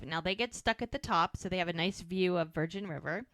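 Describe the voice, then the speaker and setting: A woman co-hosting a podcast, casually recapping a TV episode as an animated storyteller with chatty asides. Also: fairly low pitch, brisk, hardly any pauses, no echo. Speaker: podcast co-host.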